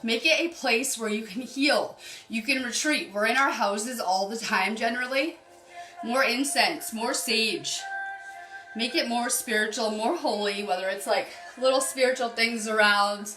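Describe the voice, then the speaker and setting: A woman's voice: on the high side, measured pace, sharp tone, echoey room, soft background music. A woman doing a casual card reading on a live stream as a spiritual healer, chatty and upbeat, greeting viewers by name.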